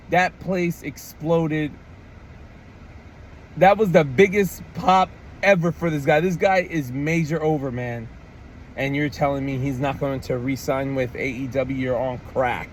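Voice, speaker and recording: This man's fairly high voice comes through with a bit of background noise as he rants about wrestling. His commentary is casual, animated, and profane, packed with repeated "man" and "like" plus mocking impressions.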